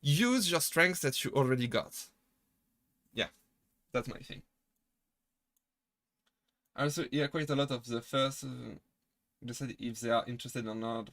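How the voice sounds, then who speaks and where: A man's voice: mid-range voice, steady tone, normal speed, long pauses, fairly bright tone, no echo. A male VTuber streamer giving earnest, casual advice in a livestream Q&A, with broken grammar and frequent restarts.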